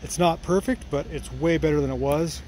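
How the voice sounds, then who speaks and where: A car restorer who hosts his own channel strolls through his home workshop and driveway in a casual walkaround vlog, rambling about his restoration and correcting his mistakes as he goes, clearly fond of the cars. His voice is a little high and a little mellow, fairly quick, with slight hiss or hum.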